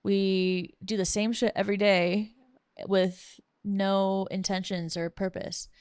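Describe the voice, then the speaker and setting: Young woman, podcast host, profane sarcastic rant, smooth clear voice, dry close sound. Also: mid-range voice, flat delivery, slow pace, darkish tone, no room sound. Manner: reading from bullet points. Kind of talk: casual ranting monologue.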